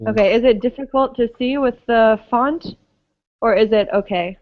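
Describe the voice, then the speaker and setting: In a dry, narrow, tinny recording, a fairly high-pitched woman leads an online English pronunciation lesson. She goes slowly, stays patient, and keeps confirming her students understand.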